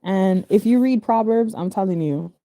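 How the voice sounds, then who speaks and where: A woman's voice: medium pitch, moderate pace, dark tone, no echo, studio quality. A woman casually reading scripture verses aloud and explaining them in loose, chatty asides, often restarting her phrases and laughing easily. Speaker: spiritual reader.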